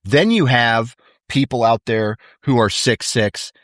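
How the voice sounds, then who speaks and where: A man in casual conversation, telling anecdotes in a laid-back, animated way and saying "dude" often. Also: medium pitch, a little slow, no room sound, studio quality. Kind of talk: casual chat.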